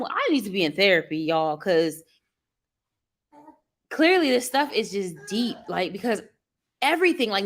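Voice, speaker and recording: Woman vlogger, bright tense voice, candid venting chat with viewers, lots of fillers. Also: medium pitch. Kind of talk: casual chat with live viewers.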